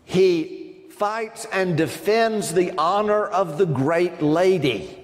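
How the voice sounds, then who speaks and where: A man's voice: high-pitched, slow pace. A man giving an academic lecture to a live audience, discursive, with frequent ums and asides to his listeners. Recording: long reverb of a lecture hall.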